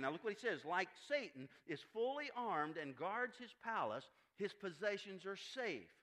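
A male pastor preaching a sermon, reading scripture verse by verse and talking straight to his congregation, swinging between loud emphatic lines and quiet asides. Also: sits high. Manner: reads scripture aloud and comments on it verse by verse; talks straight to the congregation with plain everyday phrases.

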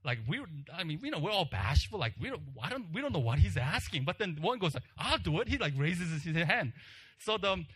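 Preaching a sermon, a man animatedly tells a personal story, acting out the crowd's shouts before dropping to a hush for emphasis. His voice is fairly high and breathy at the edges, and he speaks fairly quickly.

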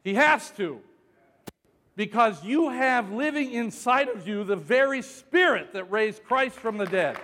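Man, pastor, sermon, high voice, long church reverb, sudden shouted emphasis. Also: lively intonation, unhurried. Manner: shouts for emphasis, jokes with congregation.

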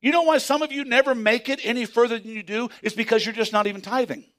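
A man preaching a sermon as pastor, swinging from hushed asides to excited shouts. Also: very high-pitched, fast talker.

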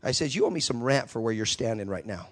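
A man preaching a sermon, telling an animated story and acting out the voices in it. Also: medium pitch, fast.

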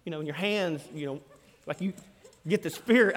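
A male pastor preaching a sermon, animated, swinging between loud bursts and hushed asides. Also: on the high side, fast, vocal fry. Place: church hall. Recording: long hall reverb.

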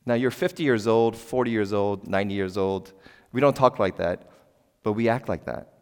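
A middle-aged man preaching a sermon as a pastor in a church. He is conversational and emphatic, asks the congregation questions and breaks into sudden loud exclamations. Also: fairly low pitch, moderate pace, clear, resonant tone. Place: church sanctuary. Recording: long church hall reverb.

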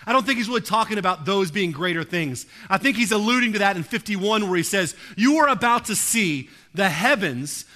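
A man with a high, bright voice preaches a sermon. He talks in an earnest, conversational way with casual asides, then presses hard on key phrases. His tone stays clear and forward. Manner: earnest, building from hushed to emphatic; casual filler "like" and "right". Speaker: pastor.

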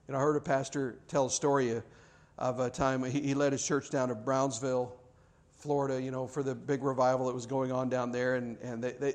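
A male pastor preaching a sermon, telling a story and acting out quoted voices with frequent repeated words. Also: medium pitch.

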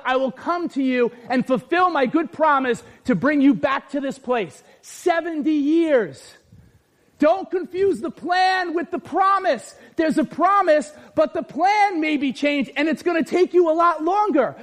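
A middle-aged man, a pastor and father, preaching a lively sermon and often shouting for emphasis. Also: very high voice.

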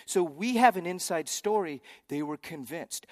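A man preaching a sermon, animated and acting out the voices of arguing crowds. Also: a little high, normal speed, hardly any pauses. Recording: long hall reverb.

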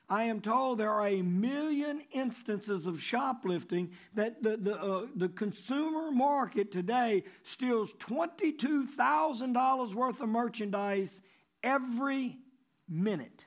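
A man preaching a sermon in a conversational way, repeating key phrases and dropping low before rising for emphasis. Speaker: pastor.

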